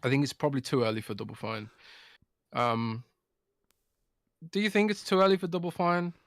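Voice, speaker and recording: A man's voice: medium pitch, animated, moderate pace, a bit bright, no echo. A man co-hosting a casual podcast chat, drunk and slurring his words, talking in a loose, rambling, sweary way. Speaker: podcast co-host.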